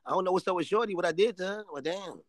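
A man's voice: sits high, very fast, noisy background. A man co-hosting a live talk show, joking and ranting in profane casual banter. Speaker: podcast co-host.

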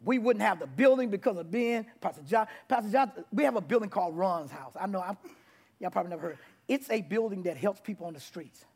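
A man preaching to a church congregation, animated, mixing shouts and laughter. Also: sits high, fast, breathy edge. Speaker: pastor. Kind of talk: sermon.

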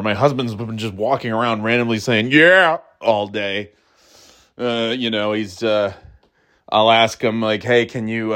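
A man talking casually on his own, rambling with fillers and restarts and cutting in short jokey imitations. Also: fairly low pitch. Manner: breaks into short mock catchphrase imitations. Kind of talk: casual solo chat.

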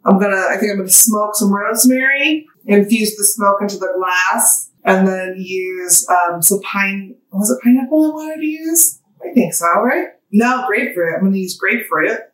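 A woman co-hosting a podcast while mixing cocktails, talking casually, swearing freely and breaking into loud outbursts. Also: mid-range voice, normal speed, few pauses, distant mic. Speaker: podcast co-host and bartender. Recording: echoey room, voice a bit off-mic.

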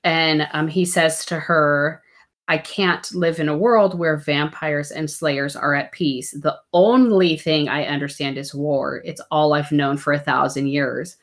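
A woman's voice: sits low, steady tone, measured pace. A woman casually discussing a book with a co-host, explaining why the characters act as they do. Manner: reflective, explains characters' motives.

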